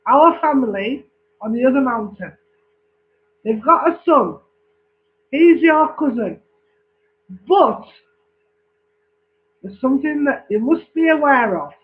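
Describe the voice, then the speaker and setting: A man puts on a stern father giving his son a solemn warning. The voice sits high and unhurried. It comes through a thin, phone-like recording. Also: exaggerated voice.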